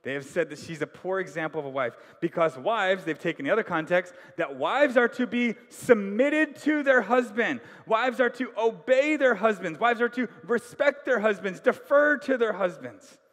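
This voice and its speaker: A man preaching a sermon, telling the story with animated voices and putting questions to the congregation. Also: high-pitched, moderate pace, hardly any pauses. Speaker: pastor. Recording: long hall reverb.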